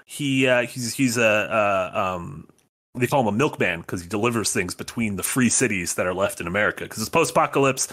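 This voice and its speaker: A man's voice: on the low side, fairly quick. A man co-hosting a casual podcast, eagerly recapping a TV series with plenty of fillers. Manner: enthusiastic, animated recapping. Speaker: podcast co-host. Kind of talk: casual chat.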